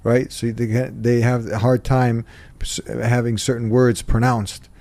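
A man with a mellow, warm tone asks questions in a loose, casual way, stopping and restarting as he looks for words. The sound is close and dry. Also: medium pitch, level tone, unhurried, no room sound. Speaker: host. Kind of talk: interview questions and commentary.

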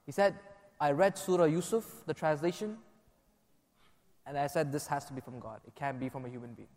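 A man on a panel telling a personal story in a conversational, animated way. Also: a little high, brisk. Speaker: panel guest. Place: conference hall. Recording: long reverb of a conference hall.

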